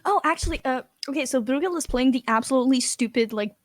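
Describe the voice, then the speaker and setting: A woman playing in a streamed tabletop game, animated and giggly as she describes her character's actions. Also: sits high, quick pace, background noise. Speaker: player.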